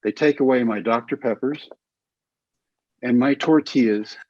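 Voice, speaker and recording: Casting note: middle-aged male storyteller, husky voice, dull dry lo-fi sound, animated. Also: mid-range voice, unhurried, dry recording. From Texas. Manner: animated, acts out quoted voices. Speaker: guest, former baseball pitcher. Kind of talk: casual storytelling interview.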